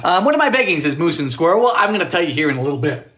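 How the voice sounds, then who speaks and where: A man live-streaming from his home kitchen, chatting away as he bakes. His voice is lively and swings widely in pitch. He reads viewer comments aloud and tosses in wry little jokes. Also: very fast, background noise. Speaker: home baker livestreaming. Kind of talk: casual live-stream chat.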